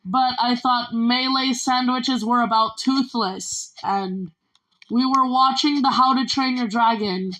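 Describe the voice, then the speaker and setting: A woman recounts a personal story in a vlog. Her voice sits a little high and bright. She speaks slowly and strings each event onto the last with "and then". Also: fairly even intonation, rough recording. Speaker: vlogger.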